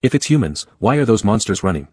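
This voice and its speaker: A man's voice: on the low side, sing-song, quick pace, dark tone, breathy edge, no echo, clean studio sound. A man voicing a serious, ever-alert grown man who is a doctor, in an audiobook. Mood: wary. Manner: tense, serious warnings.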